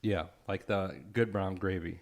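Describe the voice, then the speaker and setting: A man's voice: low voice, steady tone, normal speed. A man co-hosting a casual podcast chat, playful and teasing. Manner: playful, bursts into singing. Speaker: podcast co-host.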